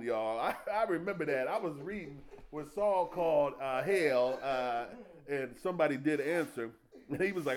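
A man's voice: on the high side, moderate pace. A man preaching a humorous, conversational sermon full of folksy slang and laughter. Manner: animated, jokey, laughs often, folksy slang.

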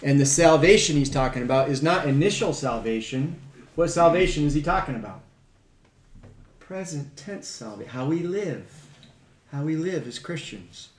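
A man's voice: on the high side, lively intonation, moderate pace. Emphatic man teaching in an echoey room. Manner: emphatic, asks the group questions, reads verses aloud. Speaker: Bible teacher. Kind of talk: conversational Bible study teaching. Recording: echoey room with faint background hum.

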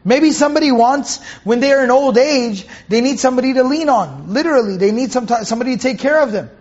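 A man's voice: extremely high pitch, lively intonation, fast talker, darkish tone, lo-fi sound. A man giving a Quran commentary lesson, patiently explaining Arabic terms and correcting himself as he goes. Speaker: Quran teacher.

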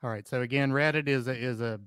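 A man hosting a casual talk show, reading posts aloud with lively, animated storytelling. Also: medium pitch, fast, clear, resonant tone, no room sound. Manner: animated storytelling, bursts into laughter. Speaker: podcast host reading stories.

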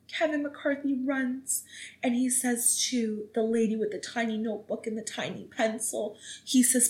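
Young female podcast host, chatty and theatrical, swings her pitch way up for emphasis. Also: moderate pace, low-quality recording. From Canada. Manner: animated, dramatic storytelling with sudden pitch jumps. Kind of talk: casual solo podcast commentary.

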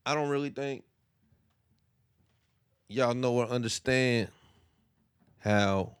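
A young man hosting a podcast from his basement, giving a candid, profane monologue that swings between quiet, low stretches and loud bursts. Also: takes it slowly, clean tone, no room sound. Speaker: podcast host. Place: home basement studio.

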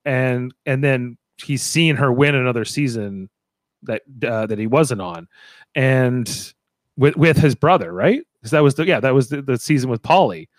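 A man's voice: medium pitch, lively intonation, normal speed, dry recording. A man in casual podcast chat, rambling through his opinions with many fillers. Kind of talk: casual reality TV recap chat.

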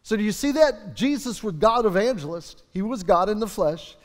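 A man's voice: high-pitched, expressive, moderate pace. A man preaching a fervent sermon as pastor, stretching out key phrases for emphasis. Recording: long reverb of a large hall.

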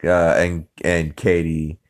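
Deep-voiced guy recapping a cartoon, rambly, lots of uhs and ums. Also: level tone, slow pace. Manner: rambling, many fillers. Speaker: podcast host. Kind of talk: casual episode recap.

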